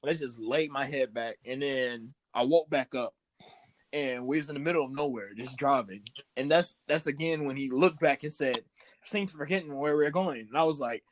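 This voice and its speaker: A young man co-hosting a podcast, telling stories in an animated, laughing way. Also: mid-range voice, moderate pace, no room sound. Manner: animated storyteller, loud laughing retellings. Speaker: podcast co-host. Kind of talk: casual chat.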